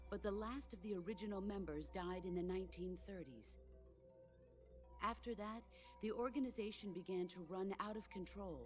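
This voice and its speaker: An actress voicing a legendary middle-aged woman soldier in a video game cutscene, speaking in a calm, measured, solemn way. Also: mid-range voice, lightly acted. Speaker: game character.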